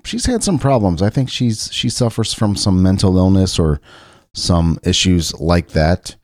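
Low-voiced rambling man from Ohio. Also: sing-song, measured pace, darkish tone, dry recording, studio quality. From Cincinnati, Ohio. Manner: rambling, loose and conversational, with frequent restarts. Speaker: podcast host. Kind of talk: casual solo chat.

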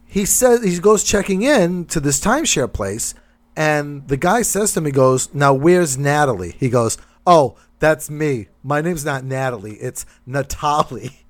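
A man's voice: fairly high pitch, measured pace. A man from Massachusetts casually telling a funny story on a podcast, acting out other people's lines. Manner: animated anecdotes, acts out other people's lines, laughs often.

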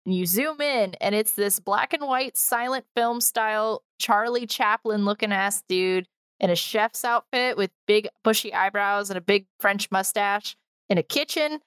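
A woman's voice: mid-range voice, unhurried, fairly bright tone, clear, resonant tone, no echo, studio quality. A woman co-hosting a podcast, wryly explaining old kids' TV clips in casual chat. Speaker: podcast co-host.

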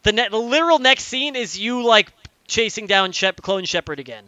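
A man's voice: sits high, lively intonation, normal speed, sharp tone, no echo, highs cut off. A young man in casual chat, ranting animatedly about a game's story with plenty of swearing and fillers. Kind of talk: casual chat, retelling a video game story.

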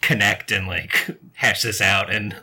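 A man's voice: fairly low pitch, steady tone, sharp tone, husky. A man co-hosting a podcast in casual chat, chiming in briefly and agreeing. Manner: brief interjections and quick agreement. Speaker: podcast co-host.

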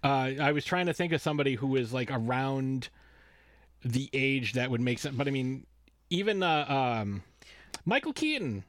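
A man's voice: medium pitch, sing-song, moderate pace, no echo. A man co-hosting a podcast, ranting casually and sarcastically and swearing freely. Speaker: podcast co-host. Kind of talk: casual chat.

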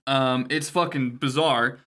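A man with a bright, forceful voice chats casually as a podcast co-host, walking through a game's cutscenes. He rambles, swears freely and laughs along the way. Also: mid-range voice, slow. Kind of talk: casual chat recapping a video game.

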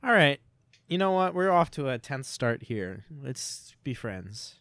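A man's voice: medium pitch, very animated, fairly bright tone, dry recording, studio quality. A young man co-hosting a comedy podcast, joking and teasing in casual chat. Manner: jokey, teasing, quick with impressions. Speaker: podcast co-host.

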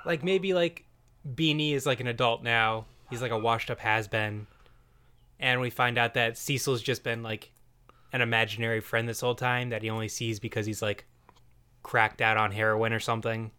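A man's voice: mid-range voice, fairly even intonation, normal speed, pushed and bright, smooth. Joking male podcast host. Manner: joking, laughs often. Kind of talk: casual chat.

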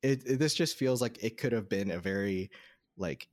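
A man's voice: lowish voice, normal speed, darkish tone, dry recording, studio quality. A man co-hosting a podcast, talking casually about a film with lots of fillers and restarts. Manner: rambling, many fillers and restarts. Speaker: podcast co-host.

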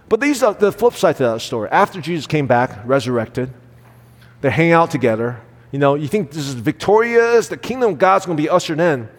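Earnest male pastor, higher-pitched voice, preaching with lively swings in loudness, long hall reverb. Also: a little fast. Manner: earnest, swings between loud emphasis and soft acted quotes. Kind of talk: sermon.

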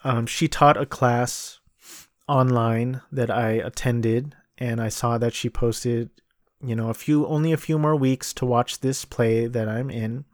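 A man talks through his opinions on films and stage shows in an unscripted solo review, blunt and openly exasperated, hammering points by repeating them. His voice sits at an ordinary middle pitch. The recording is dry and close, with no room sound. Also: steady tone, measured pace, no room sound. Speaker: podcast host reviewing movies and plays. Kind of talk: casual solo review talk.

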